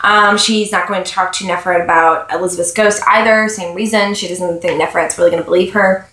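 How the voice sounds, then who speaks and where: A woman's voice: fairly low pitch, fairly even intonation, fairly quick, bright, forceful tone. A woman giving a casual chapter review of a novel, reading passages aloud between wry, sarcastic asides. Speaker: book reviewer. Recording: echoey room.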